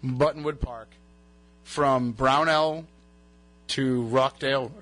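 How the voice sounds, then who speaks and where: With faint music behind him, a radio host speaks slowly in a steady, medium-pitched voice that's a bit bright. He rambles through stories in chatty, casual banter, his voice only just recovered from being lost.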